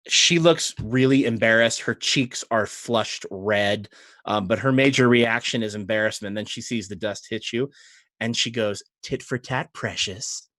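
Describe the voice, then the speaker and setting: A man narrating as game master, rambling and relaxed, with many fillers. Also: mid-range voice, no room sound, studio quality.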